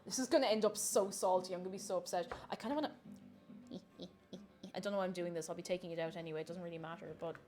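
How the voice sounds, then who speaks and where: Speaking fast in a lowish, steady, slightly mellow voice, a cooking livestreamer chats casually and giggles in her home kitchen. She greets viewers by name, and faint music sits behind her.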